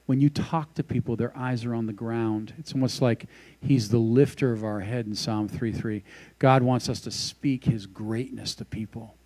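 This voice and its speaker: Conversational man preaching, mellow voice. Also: medium pitch, fairly even intonation, normal speed. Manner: conversational, with prayer and scripture reading. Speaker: pastor. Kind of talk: casual devotional sermon.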